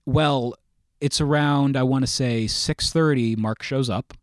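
Lively, self-mocking young man telling a story. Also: mid-range voice, a little slow, dry recording, studio quality. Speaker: podcast guest. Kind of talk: animated anecdote telling.

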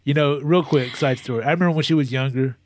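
A man chatting casually as a co-host, telling a long, animated story with many restarts and moments of emotion. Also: medium pitch, fast, background noise. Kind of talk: casual chat.

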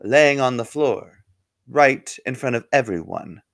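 A man's voice: medium pitch, measured pace, vocal fry, no room sound. Guy telling a goofy story, voice bouncing all over, playful. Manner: lively, animated, playful. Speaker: narrator. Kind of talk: comic storytelling.

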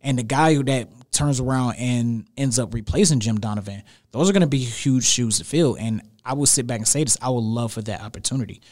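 A young man talks sports as a podcast guest in a studio. His voice sits at an ordinary, mid-range pitch. He speaks emphatically and animatedly, leaning on repetition to drive his points home. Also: a little fast, hardly any pauses. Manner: emphatic, animated, repeats phrases for weight. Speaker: podcast guest, radio show host. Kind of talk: casual sports chat.

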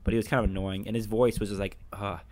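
A man's voice: on the low side, little pitch movement, fast, a little mellow. A young man chatting casually about an anime, blunt and rambling, with frequent restarts. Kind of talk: casual anime review chat.

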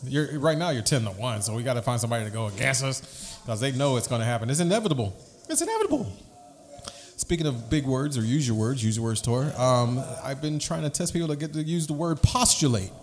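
A man's voice: mid-range voice, fast, in a large hall. A man hosting a casual podcast chat, rambling, repeating himself and slipping into rhymes. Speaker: podcast host.

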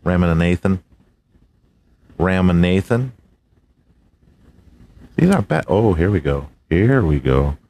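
A man's voice: sits low, animated, slow, long pauses, mellow. A man hosting a casual solo podcast, swearing a lot, laughing, and fumbling through hard names. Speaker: podcast host.

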